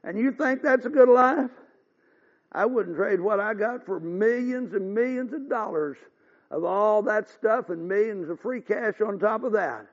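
A man's voice: high-pitched, unhurried. An older man preaching a revival sermon as pastor, folksy and earnest, building to fervent exhortations. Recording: dull lo-fi recording.

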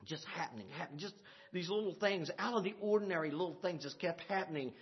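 A man preaching a sermon, swinging from loud shouted points to low murmurs, with laughing asides. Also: quick pace, dull audio.

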